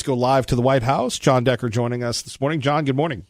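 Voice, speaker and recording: A man's voice: mid-range voice, fast talker, hardly any pauses, dry recording. Talk radio host guy, upbeat and chatty, dry studio mic, mid voice. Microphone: studio microphone.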